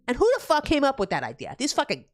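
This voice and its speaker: A woman's voice: huge pitch swings, quick pace. A young woman from New Jersey streaming live, chatting casually and ranting with heavy swearing. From New Jersey, USA. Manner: profane ranting, loud swings in pitch. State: pregnant.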